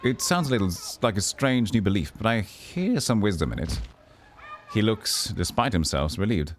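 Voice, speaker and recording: A man's voice: animated, moderate pace, a little hiss or hum. A man streaming a role-playing game, reading its dialogue and narration aloud, lifting his voice for the characters and stumbling over words now and then. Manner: reads text aloud, voicing characters with a raised pitch, stumbles and restarts.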